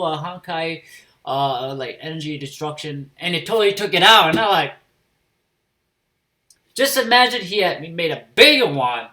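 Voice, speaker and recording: A man giving a casual spoken review of an anime episode, swearing freely and filling pauses with fillers and restarts. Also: fairly high pitch, pushed and bright.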